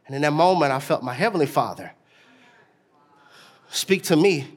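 High, lively, bright-voiced preaching man. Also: normal speed. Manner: animated preaching, call-and-response with the congregation; swings between soft storytelling and shouted, half-sung exhortation. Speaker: pastor. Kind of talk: sermon. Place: church sanctuary with a live congregation.

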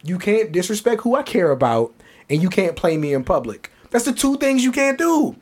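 A man spins a story in casual podcast chat, his pitch rising and falling a lot. He talks in slang, swears often and acts out the other people in the story. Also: normal speed. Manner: animated, profane, slangy, acts out quotes. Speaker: podcast co-host.

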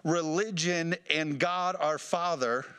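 A man's voice: on the high side, takes it slowly, fairly bright tone, smooth. A man preaching a fired-up sermon as pastor, reading scripture and calling for amens from the congregation. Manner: fired-up preaching with call-and-response.

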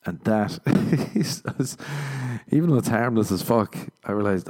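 An unhurried, expressive man with a fairly low, darkish voice hosts a solo podcast. A comedian, he rambles in a relaxed way, runs himself down for laughs, and swears a lot.

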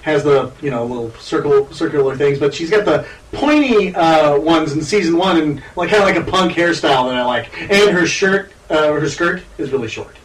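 A man co-hosting a casual podcast, talking in an animated, rambling way and laughing often. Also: fairly high pitch, moderate pace, few pauses, roomy sound, distant mic, slight background noise, poor audio. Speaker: podcast co-host.

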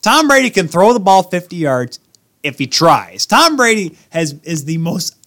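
Bright, animated man arguing sports. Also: high-pitched, normal speed. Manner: heated, argumentative, jokey. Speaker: podcast co-host. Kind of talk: casual sports chat.

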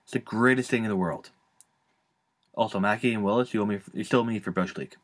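Relaxed low-voiced young man hosting a podcast. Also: quick pace. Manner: relaxed, filler-heavy, joking. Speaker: podcast host. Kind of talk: casual podcast chat.

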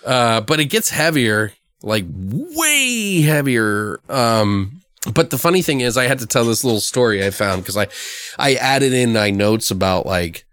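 A man's voice: on the low side, normal speed, a bit bright, clear, resonant tone, dry recording. A man hosting a podcast, chatting casually about a movie, swearing freely and acting out lines. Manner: profane, laughs often, acts out quotes. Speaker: podcast host.

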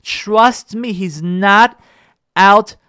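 A man's voice: sits high, extremely slow, smooth, no room sound, studio quality. A middle-aged man, a rabbi and marriage counselor, giving a lecture on marriage. He talks to his listeners directly, with emphasis and repetition, and acts out the quarrels of husbands and wives. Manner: lively, acts out spouses' quarrels in dialogue.

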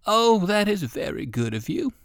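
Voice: medium pitch, sing-song, moderate pace, no echo, studio quality, voice pushed up. A narrator voicing a sad balloon man. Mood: polite. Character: sad male balloon seller.

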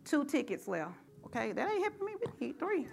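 A middle-aged woman preaching a sermon and telling a personal story, in a lively call-and-response style that rises to shouts. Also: sits high, fairly quick, vocal fry, faint music behind.

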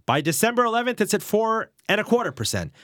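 A man's voice: high-pitched, big pitch swings, fast, sharp tone, no room sound, clean studio sound. A man hosting a finance interview, asking probing, rhetorical questions and laying out events with dates and figures. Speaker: interview host.

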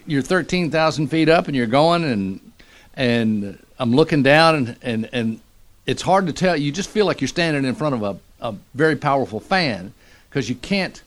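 A middle-aged man, a radio morning show host, telling a story in a lively, animated way. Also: medium pitch. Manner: animated storyteller, acts out quotes. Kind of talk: casual storytelling.

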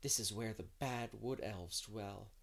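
A man's voice: mid-range voice, expressive, normal speed, lightly acted. A man doing a dreamy eager young girl. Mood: hushed dramatic.

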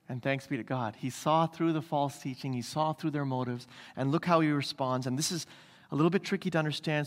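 Male pastor, emphatic sermon delivery, rhetorical questions, high voice, long church-hall reverb.

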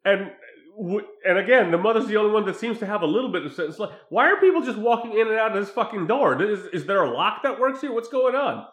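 A man casually recapping a film's plot, animated, often acting out quoted lines. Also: sits high, fast talker, reverberant. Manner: animated retelling with acted quotes. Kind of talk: casual film recap chat.

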